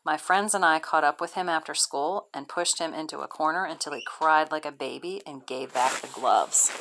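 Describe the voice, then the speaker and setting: A woman teacher reading a novel aloud to her class, expressive, with brief teaching asides. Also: low-pitched, moderate pace, a little hiss or hum.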